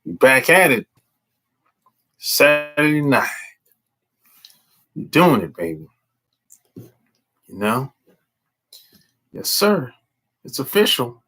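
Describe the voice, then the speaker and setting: A man hosts a casual live stream, speaking slowly with long pauses in a medium-pitched voice. His speech is slangy and drawling yet animated, and he repeats himself a lot.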